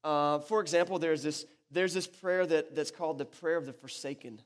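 Preaching at a moderate pace, a pastor whose voice runs on the high side addresses his church in an echoey hall. He talks casually and with energy, frequently restarting what he's saying.

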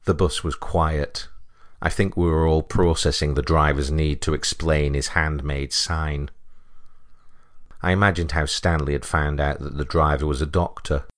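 A man with a British accent narrating a first-person story in a dry, deadpan way. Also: rumbling low, measured pace. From Britain.

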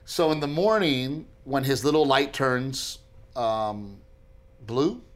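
A man's voice: medium pitch, takes it slowly. A man in his thirties co-hosting a casual chat, telling stories with lots of acted-out voices. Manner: animated storyteller, acting out voices. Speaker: podcast co-host.

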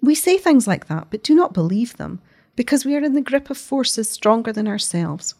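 A woman voicing a grave, commanding man of few words, speaking steadily and quietly in a read-aloud story. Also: a little high, very animated, normal speed, voice pushed up. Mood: steady.

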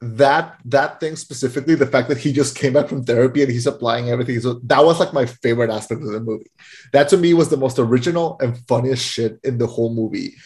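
A man's voice: mid-range voice, fast. A man co-hosting a casual movie review chat, ranting with exasperation and many fillers. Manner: animated, exasperated ranting with frequent "like" and restarts. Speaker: podcast co-host reviewing a film.

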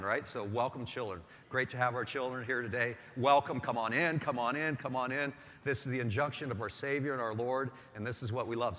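Preaching priest in an echoey church. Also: male voice, mid-range voice, pushed and bright. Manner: conversational, emphatic preaching with direct questions to the congregation. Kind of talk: sermon.

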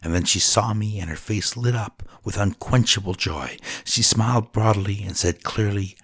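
Deep, husky solemn male narrator. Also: fairly bright tone, no room sound, studio quality. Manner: solemn and deliberate, drops to a whisper. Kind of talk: dramatic first-person story narration.

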